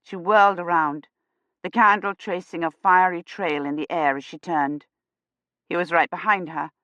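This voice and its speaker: Woman narrating in a hushed, suspenseful voice. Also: on the low side, fairly even intonation, normal speed, no room sound, muffled recording. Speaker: audiobook narrator. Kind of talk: scripted narration.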